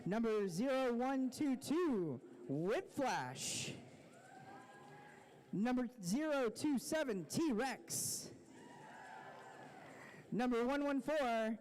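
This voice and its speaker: A roller derby announcer introducing bouts and teams live in an easygoing, joking way, with many pauses. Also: medium pitch, lively intonation, darkish tone, slight background noise.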